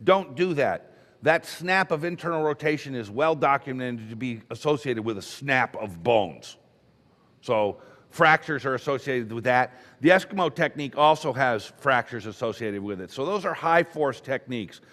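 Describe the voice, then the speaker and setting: A man's voice: mid-range voice, expressive, normal speed, a bit bright, in a large hall. A man teaching emergency medicine at a conference, talking in a loose, conversational way and telling stories with acted quotes. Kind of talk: conference lecture.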